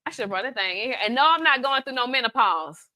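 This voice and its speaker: A bright, sharp-toned woman talks viewers through a live cooking demo. Her pitch sits a little high, and she keeps it chatty and playful, tossing teasing asides at the audience between steps. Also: animated, fast talker. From Atlanta, USA. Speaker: cooking show host, baker.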